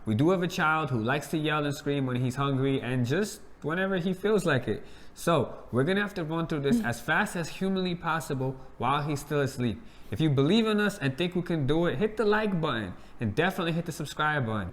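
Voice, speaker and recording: A man's voice: a little high, expressive, fairly quick. A man co-hosting a casual reaction chat, joking and blunt. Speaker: co-host.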